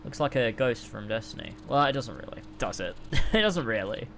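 A young man streaming a game, reacting excitedly, swearing and laughing often, and reading the game's dialogue aloud. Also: medium pitch, moderate pace, slight background noise. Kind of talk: gameplay reaction commentary.

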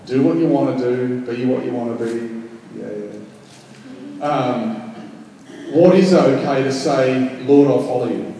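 A man's voice: mid-range voice, a little slow, long pauses. Preaching man in an echoey hall. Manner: animated, acts out voices in quotes, frequent "um". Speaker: pastor. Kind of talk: sermon. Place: large church hall. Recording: echoey church hall from far off.

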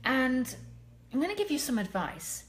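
An English woman speaks straight to her fans in a live stream, earnest and emphatic, with a slightly high voice. She is blunt and candid and lets a mild swear slip out now and then. She sounds close to a phone or webcam mic. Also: very animated, normal speed, a little hiss or hum. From England. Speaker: medium and clairvoyant.

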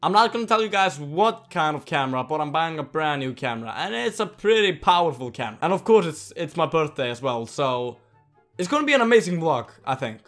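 A young man from Iceland with an Icelandic accent, telling a storytime while playing a game, excitable and swearing a lot as he yells at the game. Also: fairly high pitch, fairly quick, soft background music. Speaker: vlogger. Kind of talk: storytime over gameplay commentary.

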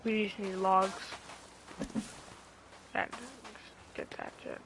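A woman's voice: medium pitch, flat delivery, takes it slowly, a little hiss or hum, poor audio. Foul-mouthed teasing gamer woman. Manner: swearing, teasing banter with sudden loud outbursts. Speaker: gamer playing with a friend. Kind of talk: casual gaming chat.

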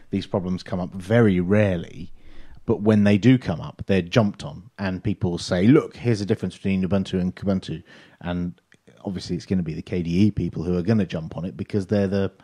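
A British man with a low, mellow voice chatting on a podcast panel. He asks questions, pokes fun at the others and laughs easily. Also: fairly quick, few pauses. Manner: questioning, teasing, laughs often. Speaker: podcast co-host. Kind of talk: casual panel chat.

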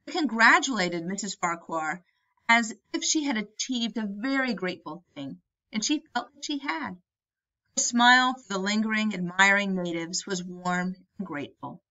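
Bright-voiced woman reading an audiobook. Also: medium pitch, lively intonation, moderate pace, dull audio. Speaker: audiobook narrator.

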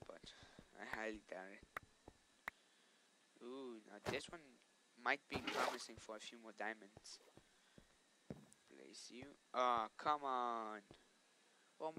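A man's voice: medium pitch, noisy background. A man giving casual gameplay commentary, chatting to viewers and scolding the monsters aloud. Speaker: let's play host.

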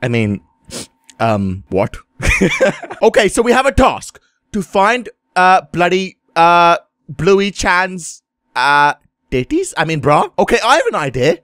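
A man's voice: huge pitch swings, takes it slowly, fairly bright tone, dry recording, studio quality. A man doing crude, rowdy comedic commentary over a video game. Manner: crude, rowdy, swings wildly in pitch. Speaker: gaming commentator. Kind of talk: comedic let's-play commentary.

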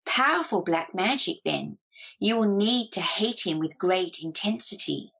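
A woman's voice: medium pitch, animated, a little slow, gravelly, a bit bright, husky, full character voice, poor audio. A woman voicing an ancient, toothless female witch who mocks and probes with sly questions.

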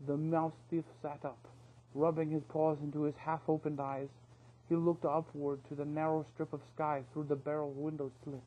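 A man narrating a novel aloud, reading in a steady, expressive storyteller manner. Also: fairly high pitch, normal speed, phone-quality sound.

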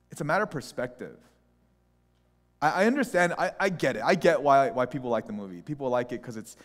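Opinionated pastor preaching in an echoing hall. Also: male voice, a little high. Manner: opinionated, animated storytelling. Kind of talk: conversational sermon. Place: church sanctuary. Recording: long church hall reverb.

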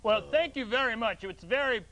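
A man hosting a mock call-in show in a deadpan, mock-earnest way. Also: very high-pitched, normal speed, noisy background. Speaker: host of a comedy call-in show.

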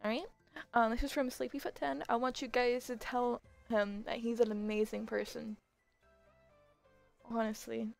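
A young woman with a high, gravelly voice hosts a livestream giveaway, talking slowly and chatting to her viewers. She is easily excited and her throat is sore from screeching. Faint music plays behind her. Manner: excitable, gasps and laughs, squeals when thanked. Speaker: livestream host running giveaways. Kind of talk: casual livestream chat.

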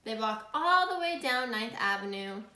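A woman teacher reading a picture book aloud to her students, speaking clearly, slowly and expressively. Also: fairly high pitch, lively intonation, bright, forceful tone. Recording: echoey room.

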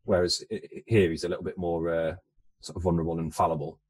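A man's voice: low-pitched, little pitch movement, darkish tone, breathy edge. A man co-hosting a podcast, chatting casually about a film, often stumbling and repeating words as he gets going. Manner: halting, stammers over repeated words. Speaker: podcast co-host.

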